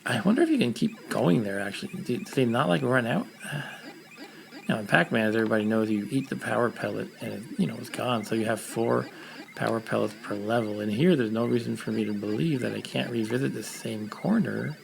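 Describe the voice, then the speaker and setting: A man's voice: medium pitch, a little fast, creaky, background noise. A man with a New York accent, casually chatting to a live-stream audience while playing a retro game, thinking aloud as he goes.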